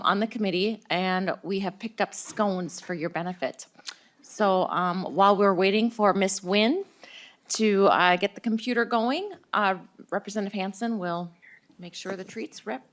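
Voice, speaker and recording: A woman chairing a legislative committee hearing, chatty and joking, with many fillers. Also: medium pitch. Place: hearing room.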